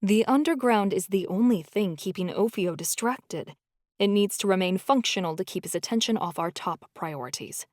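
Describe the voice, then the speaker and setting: A woman narrating an audiobook voices a stern, secretive female counselor who speaks in a fierce, measured way. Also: medium pitch, a little mellow, no echo, studio quality, lightly acted. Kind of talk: audiobook character voice.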